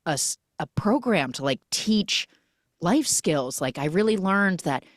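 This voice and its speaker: A woman's voice: fairly low pitch, lively intonation, measured pace, no room sound, clean studio sound. A woman voicing an earnest young woman who rambles with fillers and restarts.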